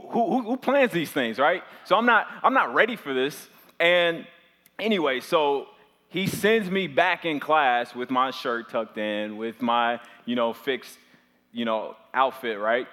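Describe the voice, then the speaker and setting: A man's voice: on the high side, a little slow, pushed and bright. A man in his twenties, a pastor telling a personal story to his congregation in a chatty, loose way with lots of filler words. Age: 20s. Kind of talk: storytelling sermon to a live audience. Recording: long hall reverb.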